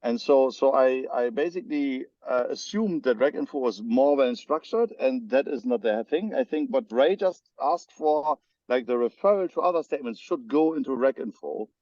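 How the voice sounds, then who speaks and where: A man's voice: medium pitch, lively intonation, moderate pace, few pauses, a little mellow, no room sound. A man from Germany with a German accent, explaining technical spec details in a meeting, hesitant and full of fillers. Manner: hesitant, many fillers and restarts. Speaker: spec editor. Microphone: video call. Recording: dull lo-fi video call audio.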